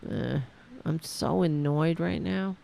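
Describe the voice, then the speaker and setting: A woman hosts a political talk livestream from home, chatting casually and directly to her viewers in a profane, rambling way. Her low voice is gravelly and mellow, and she takes her time.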